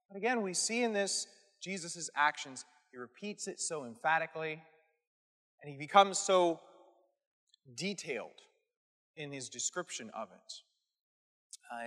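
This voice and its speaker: A man's voice: on the high side, animated, normal speed, pauses often, pushed and bright. A man giving an earnest, emphatic teaching on scripture as a Catholic preacher, often checking in with his listeners. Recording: echoey hall with long reverb.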